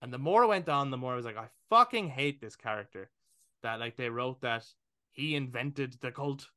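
A man's voice: medium pitch, fairly quick, a bit bright, no room sound, studio quality. A man co-hosting a podcast in casual chat, acting out his own thoughts, swearing and laughing. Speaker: podcast co-host.

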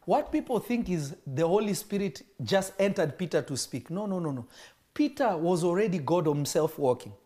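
A man preaching a sermon in an animated way, acting out dialogue between the figures he describes. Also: high voice, moderate pace. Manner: animated, acts out dialogue in varied voices.

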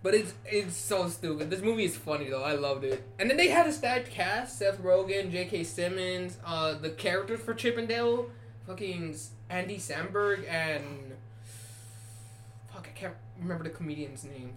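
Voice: mid-range voice, moderate pace, a little hiss or hum. A young adult co-hosting a casual chat, telling stories with energy, swearing often and laughing a lot. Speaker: podcast co-host.

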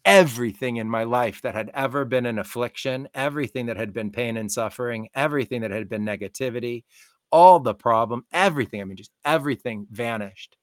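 A man speaking as a podcast guest, his storytelling animated and tumbling forward with repeated "like." His pitch sits mid-range, and the recording is dry with no room sound. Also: fairly quick, no echo. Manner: excitable, repeats "like" often.

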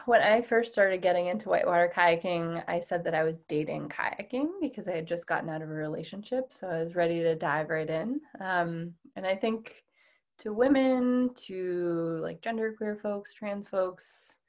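A woman's voice: lowish voice, moderate pace. A woman guest on a podcast, a whitewater kayaker, who talks casually and with self-deprecating humor, often laughing mid-sentence. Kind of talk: casual conversational interview.

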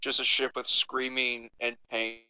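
A man's voice: medium pitch, monotone, unhurried, bright, forceful tone, smooth, no echo. A man co-hosting a podcast, rambling on and eagerly sharing odd facts in casual crude banter. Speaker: podcast co-host.

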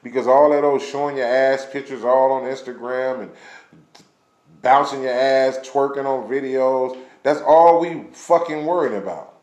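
A man's voice: mid-range voice, moderate pace, darkish tone, echoey room, dull audio. A man delivering a blunt, passionate rant full of profanity, as in a recorded vlog. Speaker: vlogger ranting on camera.

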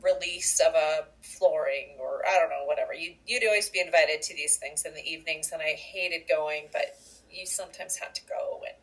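A woman co-hosting a podcast, chatting casually and telling stories with lively asides. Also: low voice, normal speed, poor audio. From Canada. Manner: chatty, animated storytelling with asides. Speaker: podcast co-host. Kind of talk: casual chat.

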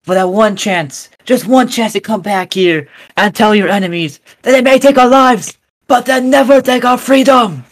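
A teenage boy putting on a Scottish rebel warrior giving a slow, swelling battle speech. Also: sits high, voice pushed up. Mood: rousing. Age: teens. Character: fiery Scottish rebel warrior rallying troops.

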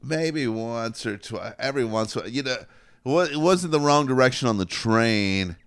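A man co-hosting a casual comedy chat, laid-back and swearing freely, now and then shouting out the reactions he quotes. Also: medium pitch, expressive, normal speed, smooth. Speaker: podcast co-host, comedian.

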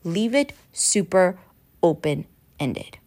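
A woman's voice: on the low side, lively intonation, slow pace, darkish tone. A woman talking straight to her viewers and coaching them through advice tips, now and then acting out sample lines. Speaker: advice presenter. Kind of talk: direct-to-camera advice talk.

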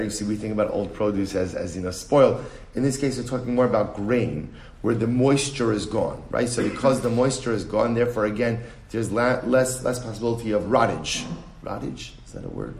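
A man's voice: on the low side, fairly quick, a little hiss or hum. A man teaching a Talmud class, often asking a question and then answering it himself. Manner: animated, asks and answers his own questions. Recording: echoey room.

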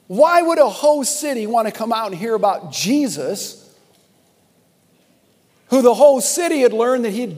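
Young male pastor, higher pitch, animated sermon with laughs, long hall reverb. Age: young adult. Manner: animated storytelling, laughing and exclaiming. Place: church sanctuary.

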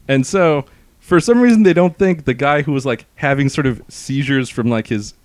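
A man's voice: medium pitch, normal speed, no room sound. A man co-hosting a podcast, casually recapping a movie plot with frequent laughs. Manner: animated storyteller, laughs often. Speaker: podcast co-host. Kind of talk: casual movie-review chat.

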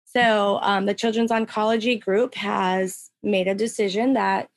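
Emotional mother, halting speech. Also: medium pitch, fairly even intonation, no echo. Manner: emotional, halting, many fillers and restarts. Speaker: parent of a young patient. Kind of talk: casual interview conversation.

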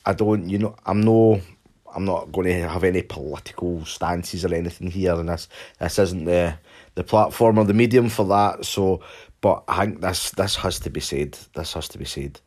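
A young Scottish man casually telling a sweary anecdote, shouting out the lines he quotes. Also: deep voice, moderate pace. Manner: swears constantly, animated retelling with shouted quotes. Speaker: storyteller.

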